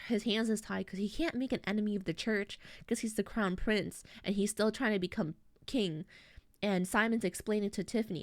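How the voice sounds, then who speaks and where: A woman's voice: medium pitch, dry recording, studio quality. A young woman streaming, casually recapping a story in a rambling, slangy way full of fillers and restarts. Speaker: VTuber streamer.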